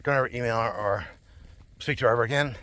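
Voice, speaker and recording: A man's voice: medium pitch, fast, bright, forceful tone. A man talking to camera in a rambling, digressive monologue, repeating himself and laughing often. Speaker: vlogger.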